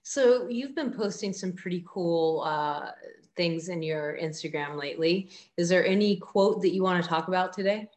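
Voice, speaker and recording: A woman's voice: fairly low pitch, moderate pace, a little mellow. A woman hosting an interview, engaged and asking follow-up questions about acting. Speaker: interview host. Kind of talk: conversational interview.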